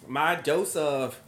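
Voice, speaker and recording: A woman's voice: deep voice, creaky. A young woman chatting casually as a podcast guest, telling a story and acting out the lines she quotes. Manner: storytelling, acts out quotes animatedly. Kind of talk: casual chat.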